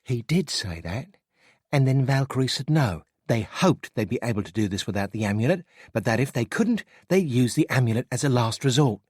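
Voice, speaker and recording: A man voicing a fierce young Australian woman warrior, speaking in an impatient, sharp whisper with an Australian accent. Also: medium pitch, lively intonation, normal speed, husky, no room sound, studio quality, pitched above the performer's own voice. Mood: stern.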